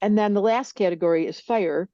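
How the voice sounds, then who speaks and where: An older woman, a guest on a podcast, explaining things in a lively way and acting out little voices as she goes. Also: mid-range voice, a little fast, dry recording, dull audio. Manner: animated, acts out little character voices. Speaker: astrologer guest. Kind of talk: podcast interview.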